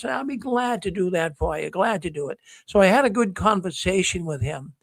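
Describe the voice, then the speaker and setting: A man's voice: high-pitched, expressive, a little fast, vocal fry, few pauses, no echo. A man hosting a live call-in show, talking casually and rambling through stories with many restarts. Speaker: host of a call-in livestream show.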